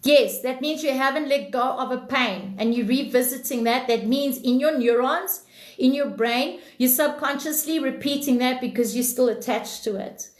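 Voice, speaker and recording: A woman's voice: high-pitched, moderate pace, echoey room. A woman hosting a self-help livestream, reading out viewers' comments and preaching bluntly, with plenty of swearing.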